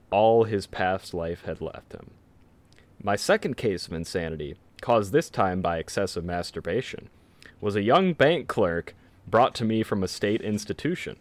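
A man hosting a casual comedy podcast, reading quotes from a book aloud with animated, laughing delivery. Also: on the low side, measured pace.

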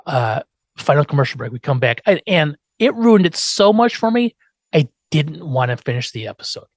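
A man's voice: fairly high pitch, very animated, moderate pace, no echo. A man hosting a podcast, telling an episode's story in a casual chat, acting out quotes and swearing now and then. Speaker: podcast host.

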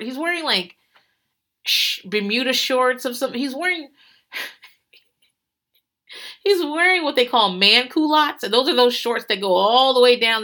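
A woman's voice: a little high, bright, forceful tone. A woman hosting a podcast, recapping a reality show in rambling casual chat, swearing freely and laughing often.

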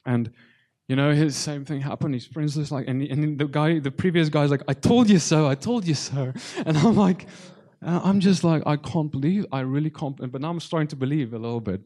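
A tearful man giving a testimony sermon, stumbling and repeating himself as he talks to the congregation. His voice sits a little high for a man, with a mellow, dark tone. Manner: halting, repeats words, addresses congregation. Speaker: preacher.

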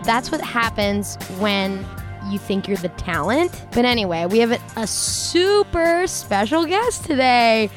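A woman's voice: on the high side, lively intonation, a little slow, faint music behind. A young woman co-hosting a podcast in casual, giggly, teasing chat. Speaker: podcast co-host.

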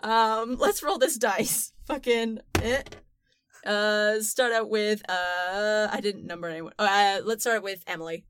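A woman hosting a casual podcast chat, animated and quick to laugh, swearing casually. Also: mid-range voice, clean tone. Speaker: podcast host.

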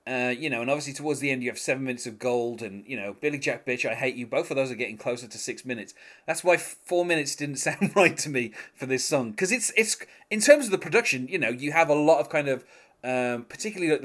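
A man's voice: medium pitch, quick pace, a bit bright. A man co-hosting a casual music podcast, talking in a hesitant, chatty way with many fillers and short laughs. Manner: chatty, hesitant, reads lyrics aloud with laughs. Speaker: podcast co-host.

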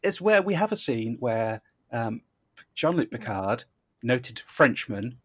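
A male podcast host with a slightly husky voice, heard close up in a dry, dead room. He talks casually and wryly, leading the chat and joking at his guests' expense. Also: medium pitch, very animated, takes it slowly, fairly bright tone, dry recording. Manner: wry, dryly joking, with fillers.

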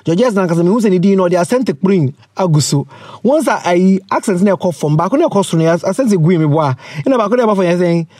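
A man's voice: high voice, lively intonation, quick pace, a little mellow, dry recording, studio quality. A man in his thirties hosting a casual chat show, playful and chatty, mixing in local slang. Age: 30s. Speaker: podcast host.

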